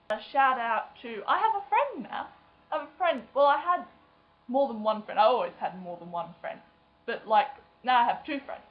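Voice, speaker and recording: A young woman vlogging in casual chat, self-mocking and quick to act out other people's voices. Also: a little high, sing-song. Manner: chatty and self-mocking, acting out friends' voices. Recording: dull lo-fi webcam sound.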